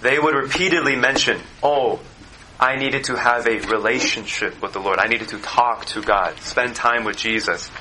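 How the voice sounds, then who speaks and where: A man leading a church meeting, introducing speakers in a measured, explanatory way. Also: medium pitch. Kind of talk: sermon introduction. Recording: noisy background.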